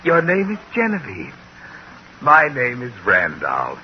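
A timid bachelor who woos in a shy, courtly way, his pitch rising and falling. The old radio sound is dull, with clear hiss. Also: huge pitch swings, takes it slowly. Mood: bashful. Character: bashful, timid middle-aged bachelor clerk. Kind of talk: 1940s radio acting.

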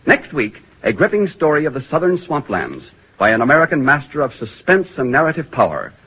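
A man's voice: fairly high pitch, huge pitch swings, fairly quick, slightly rough. A man announcing the cast and next week's show in a formal, declamatory 1940s radio style. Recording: muffled old radio broadcast.

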